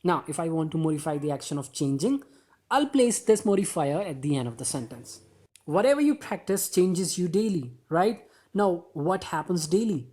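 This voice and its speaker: A man's voice: fairly high pitch, animated, mellow, breathy edge. Man, English grammar teacher, upbeat lesson, rhetorical questions, stresses words in examples. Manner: upbeat, addresses viewers as guys, asks rhetorical questions; slows down and stresses words when reading example sentences.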